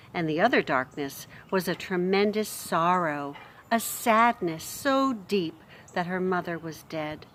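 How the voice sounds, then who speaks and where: Gentle woman reading to children. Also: lowish voice, slight background noise. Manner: gentle, addresses young listeners and explains words. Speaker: storybook reader. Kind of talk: reading a children's novel aloud. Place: home near a street.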